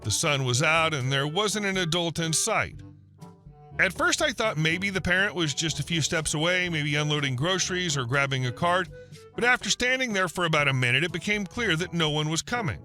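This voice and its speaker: A man reading online stories aloud in a polished, scripted narration style with no fillers. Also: on the high side. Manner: even, polished read with no fillers. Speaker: story narrator.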